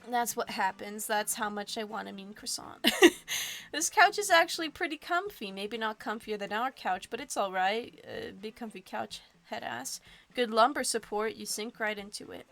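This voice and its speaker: A woman's voice: fairly high pitch, animated, moderate pace, creaky, fairly bright tone, soft background music. A woman streaming a game live, reading it aloud with goofy, rambling asides. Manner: goofy, rambling, self-joking.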